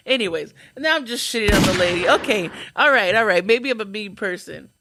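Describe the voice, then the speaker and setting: A woman's voice: mid-range voice, lively intonation, fairly quick, bright, forceful tone. A young adult woman hosting a comedy podcast, telling stories in a chatty, self-mocking way. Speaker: podcast host. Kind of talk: comedic storytelling.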